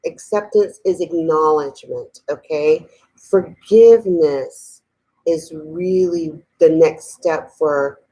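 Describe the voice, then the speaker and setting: A middle-aged woman teaching a spiritual talk in a conversational way, often asking "okay?", then slowing and softening to lead a guided meditation. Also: sits low, low-quality recording. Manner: slows and softens while guiding breathing.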